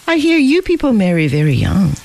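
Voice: mid-range voice, huge pitch swings, brisk, vocal fry, a little mellow, voice pushed up, full character voice, poor audio. A reader voicing a careless, well-off young man who jokes and teases but turns earnest. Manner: joking, then earnest.

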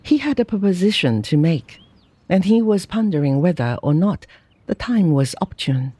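A narrator reading a classic short story aloud in measured, unhurried storytelling. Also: medium pitch, big pitch swings, warm tone, husky, no room sound. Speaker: audiobook narrator. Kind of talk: scripted narration.

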